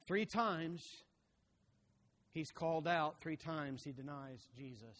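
A man with a high voice preaches a sermon and fills a big hall whose sound rings on after each phrase. He repeats words for emphasis and swings from loud declarations to hushed single words. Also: measured pace. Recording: long reverb of a large hall.

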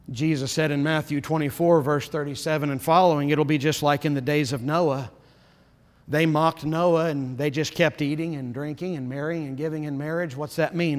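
A man preaching a sermon as pastor, earnest and insistent, often dropping to a low, solemn emphasis. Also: in a large hall.

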